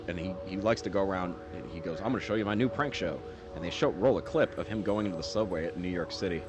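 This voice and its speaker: Deep-voiced, rambling male gaming streamer. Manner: rambling, laughing storyteller. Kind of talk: casual gameplay commentary. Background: game music.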